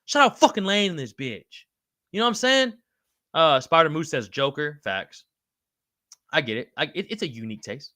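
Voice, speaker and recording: A man's voice: normal speed, no room sound, clean studio sound. A man hosting a livestream, chatting casually and swearing freely as he reads and answers viewer comments by name. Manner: pitch jumps high when excited. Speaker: livestream show host.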